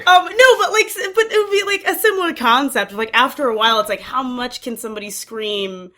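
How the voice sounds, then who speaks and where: A woman comedian guest in a casual podcast chat, animated and jokey, laughing often. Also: fairly high pitch, a little fast.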